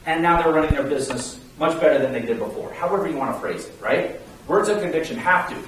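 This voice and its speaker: A man's voice: fairly high pitch, fast talker. Emphatic male sales trainer, echoey room. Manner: emphatic, pleading, energetic. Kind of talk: coaching talk to a sales team. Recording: echoey room, mic far off, faint hiss.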